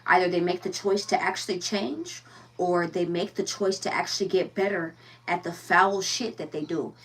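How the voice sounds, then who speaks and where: A woman's voice: on the low side, normal speed, fairly bright tone, breathy edge, distant mic. A woman giving a casual tarot reading, blunt and profane, firing rhetorical questions and repeating herself. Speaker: tarot reader.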